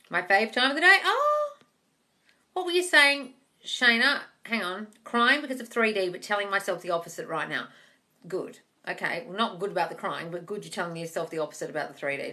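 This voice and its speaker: A woman's voice: medium pitch, sharp tone. A woman hosting a live-stream Q&A as a manifesting coach, reading viewer comments aloud and replying bluntly, calling everyone darling. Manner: blunt, swears casually. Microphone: phone.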